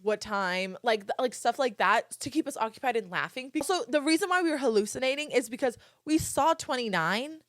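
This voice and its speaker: High-voiced drawling woman telling a story. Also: lively intonation, a little fast, hardly any pauses, no echo, clean studio sound. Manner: drawls and elongates words, sounds slurred when tired; swears casually, chatty asides to listeners. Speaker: podcast host. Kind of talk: casual storytime chat.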